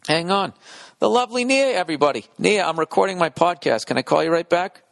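A man hosting a solo podcast from a hotel room, rambling and swearing with sarcastic asides that swing from mumbled to excited. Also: sits high, fast, vocal fry, dry recording. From United States. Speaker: podcast host.

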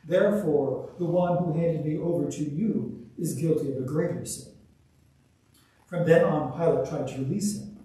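A man giving a measured, solemn liturgical scripture reading as the church's reader. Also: a little high, mellow. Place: church sanctuary. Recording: echoey church, distant mic.

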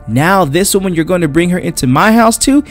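A man's voice: high voice, animated, a little fast, soft background music, pitched above the performer's own voice. A man voicing a stern, proud male healer who lectures and scolds in a comic recap. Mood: scolding.

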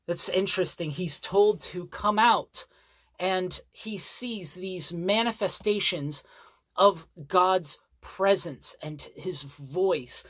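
A Bible teacher giving an earnest sermon, reading scripture aloud and explaining it with deliberate repetition. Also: medium pitch, a bit bright, dry recording. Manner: earnest, deliberate, repeats key phrases for emphasis.

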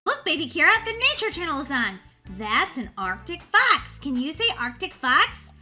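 A woman's voice: sits high, sing-song, a little fast, over music. A woman voicing a patient big sister coaxing a baby to talk.

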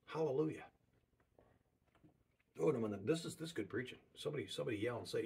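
A man preaching a sermon in a relaxed, conversational way, repeating words for emphasis. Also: medium pitch, fast, creaky, husky.

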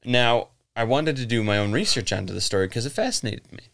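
A man's voice: mid-range voice, animated, fairly quick, creaky, a bit bright. An American man co-hosting a podcast, telling a legend in a rambling, casual way with swearing and laughs. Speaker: podcast co-host. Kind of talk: casual chat, storytelling.

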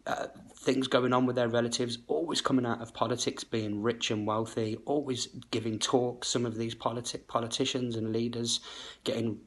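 A man's voice: medium pitch, little pitch movement, normal speed. A man hosting his own channel, talking straight to the camera in an emphatic, insistent way, full of rhetorical questions. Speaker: channel host. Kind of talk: direct-to-camera monologue.

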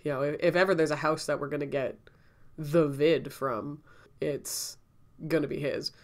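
A woman's voice: deep voice, fairly even intonation, moderate pace. Sick woman telling a story time on her vlog, breathless, rambly, keeps laughing and coughing. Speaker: vlogger.

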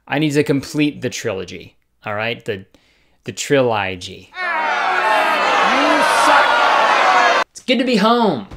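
A man in his twenties doing a sarcastic comedic commentary vlog, often jumping into silly voices, recorded close to the mic. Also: medium pitch. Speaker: YouTube comedian.

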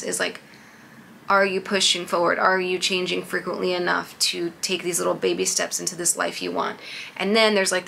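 A woman's voice: on the low side, gravelly, bright, forceful tone, slight background noise. A young adult woman in a casual talk-to-camera vlog, candid and rambling, swearing freely. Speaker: vlogger.

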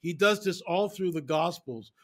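Sex: man. Role: interview guest. Style: casual storytelling. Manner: animated, emphatic, repeats phrases. Pitch: a bit high. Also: normal speed.

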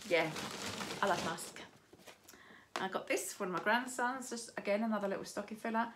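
A woman's voice: mid-range voice, a little slow, pauses often, background noise. A woman in her fifties with grandchildren, chatting casually and rambling through a shopping haul with many restarts. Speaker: vlogger showing a shopping haul.

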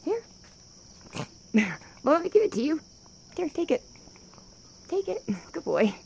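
Speaking in a very high, creaky, warm voice with big pitch swings, this wildlife rehabilitator coos baby talk at her animals unhurriedly, laughing frequently as she records them on her phone. Slight background noise is present.

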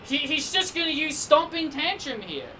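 A let's play gamer with a very high, sharp voice comments on his game at a moderate pace, his pitch swinging widely. Exasperated, he repeats himself, pleading with and scolding the game, recorded on a distant mic with faint background noise.

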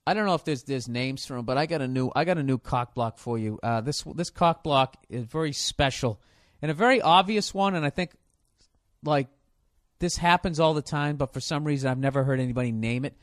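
A man hosting a podcast, telling a comic story in a profane, animated way. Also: mid-range voice, a little fast, no echo, studio quality. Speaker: podcast host. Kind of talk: comedic podcast rant.

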